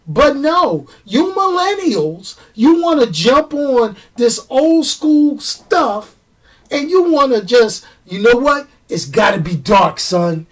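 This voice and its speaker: A middle-aged woman hosting a movie show, ranting in animated, slangy film commentary and stretching words for emphasis. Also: high-pitched, takes it slowly, recorded from a distance.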